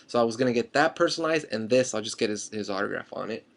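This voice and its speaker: A young man eagerly rambles through a fan story for his vlog, stumbling over restarts and fillers. He talks quickly in a medium-pitched, expressive voice with a gravelly edge.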